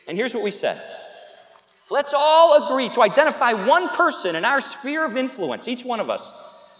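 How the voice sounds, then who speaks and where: A pastor preaching a sermon, telling stories with emphatic repetition that builds to loud peaks. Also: male voice, high-pitched. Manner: storytelling, with laughs and asides to the audience. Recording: echoey hall with long reverb.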